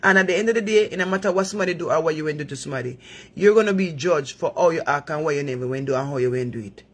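A woman's voice: low voice, racing, husky. A Jamaican woman hosting a live stream, giving earnest moral advice in patois-laced talk. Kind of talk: preachy live chat.

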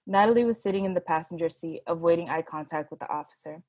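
Lady reading her story out, lowish voice, very dry. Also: quick pace, darkish tone, dry recording. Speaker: workshop writer. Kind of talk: reading own fiction aloud.

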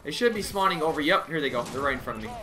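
A young man giving live commentary on his own gameplay, muttering callouts and bursting into frustrated yells. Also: fairly high pitch, rapid-fire. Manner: excitable, swings from muttering to yelling in frustration. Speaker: gamer streamer.

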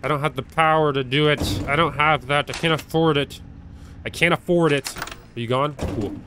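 Man, slightly high voice, nervous let's-play commentary, jumpy, repeats words in bursts, begs enemies, faint background noise. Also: steady tone, moderate pace. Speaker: gaming video creator.

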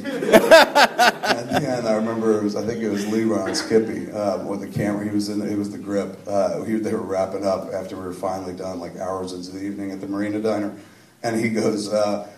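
A man's voice: on the low side, brisk. A man, answering audience questions in a rambling, profane, self-deprecating storytelling style. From suburban New Jersey. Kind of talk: live Q&A storytelling. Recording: echoey room from a distant mic.

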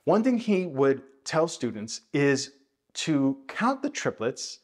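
A man's voice: fairly high pitch, sing-song, slow. Man counting and scatting rhythms. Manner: counts and scats rhythms aloud while explaining; thoughtful, hedging explanations with frequent "I think". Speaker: jazz bass teacher. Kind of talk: instructional video lesson.

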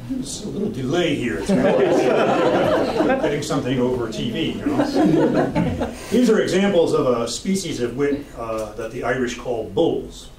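A man's voice: medium pitch, huge pitch swings, normal speed, over a noisy crowd. A man giving a humorous public lecture as a college professor, with a dry, wry storytelling delivery. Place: lecture hall. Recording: echoey lecture hall, distant mic.

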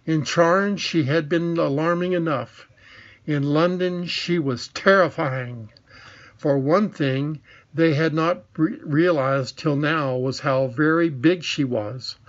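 A man's voice: fairly high pitch, slow pace, highs cut off. A man reading a children's fantasy novel aloud as scripted narration. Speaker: audiobook reader.

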